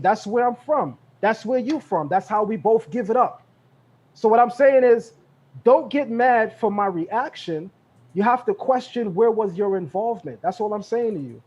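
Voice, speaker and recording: A high-voiced man holds the floor on a live podcast and hammers his points home through repetition. His tone is confrontational and insistent. The call audio sounds dull and lo-fi. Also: animated, moderate pace, darkish tone, husky. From Brooklyn, New York. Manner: emphatic, repeats phrases, confrontational. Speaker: guest speaker. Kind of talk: heated live podcast talk.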